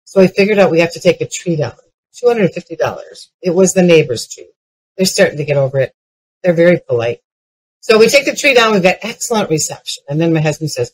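A woman's voice: lowish voice, a little fast, breathy edge, poor audio. An older woman giving a keynote talk, telling humorous personal stories that build to punchlines. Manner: lively, punchline-driven anecdotes with frequent restarts. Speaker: keynote speaker. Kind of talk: comedic storytelling keynote.

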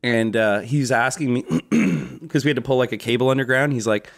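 A man's voice: medium pitch, moderate pace. A young man co-hosting a casual comedy podcast, telling stories with acted-out voices and frequent laughter. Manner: animated storyteller who acts out voices and laughs a lot. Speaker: podcast co-host.

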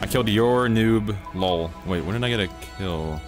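A man streams a game, chatting casually and rambling to his teammate and viewers through a headset mic. His voice is lowish and at normal speed, heard over music, in a casual livestream gaming chat.

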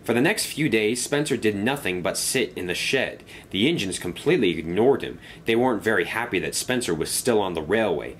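A man reading a children's storybook aloud as narrator, in an expressive, lively way. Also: on the low side, a little fast, few pauses, a little hiss or hum.

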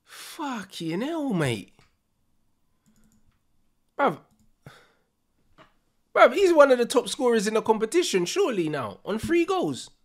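Young streamer, relaxed delivery with animated pitch; loud slangy banter. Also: male voice, slow, long pauses. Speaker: streamer reacting to football. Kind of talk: live reaction commentary.

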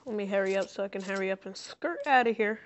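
A woman's voice: medium pitch, quick pace. A woman streaming a mobile game live, chatting loosely with her viewers between plays into a close mic. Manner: rambling, talks to chat between plays. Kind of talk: casual live-stream chat while playing. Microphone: close mic on a phone stream. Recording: dull lo-fi stream audio, faint hiss.

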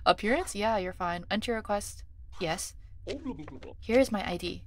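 A young woman streaming a game, reading its text aloud and thinking out loud, often scattered and flustered, with lots of ums. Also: medium pitch, a little slow, pauses often. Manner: scattered and chatty, many ums, gets flustered; reads on-screen instructions in a mumbly undertone.

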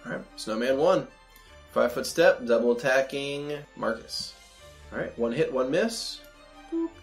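Game master, brisk and matter-of-fact, running combat. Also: mid-range voice, expressive, faint music behind.

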